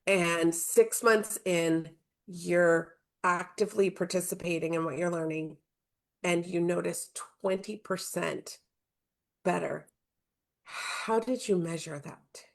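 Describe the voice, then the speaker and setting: A woman's voice: on the low side, slow pace, vocal fry. A woman hosting a podcast who asks probing follow-up questions and affirms her guest. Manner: probing, supportive interviewer. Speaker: podcast host. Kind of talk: casual interview.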